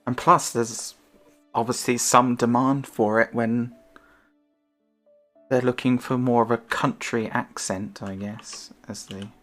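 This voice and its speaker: A woman's voice: very deep voice, slow pace, faint music behind. Self-conscious woman streamer chatting casually. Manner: self-conscious, rambling, lively up-and-down intonation.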